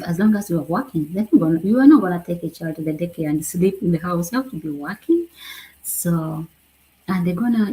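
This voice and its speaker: A woman with a Ugandan accent tells her own story in a loose, chatty way, with a low-pitched voice. Her tone is mellow and soft-edged, and she laughs easily and slips in French words. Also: low-quality recording. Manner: animated, laughs often, drops in French phrases. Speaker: vlogger. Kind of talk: casual personal storytelling.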